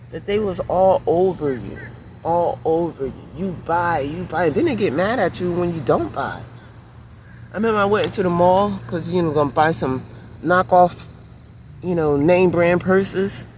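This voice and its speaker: A woman's voice: deep voice, slight background noise. A woman vlogger telling a casual storytime in a chatty way, sitting in a minivan by the beach. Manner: animated, chatty storytelling with exclamations.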